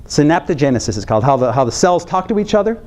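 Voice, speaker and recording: An American man who works as a health psychologist delivers a lively training lecture to counselors. His voice is fairly high and fast, and he repeats key phrases for emphasis while joking with the audience.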